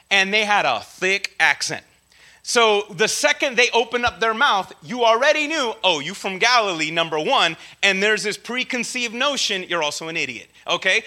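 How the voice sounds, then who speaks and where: A man's voice: high-pitched, bright, forceful tone. A man preaching a casual teaching sermon, talking in a slangy, conversational way with many asides and check-ins to the audience. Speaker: preacher teaching a Bible study.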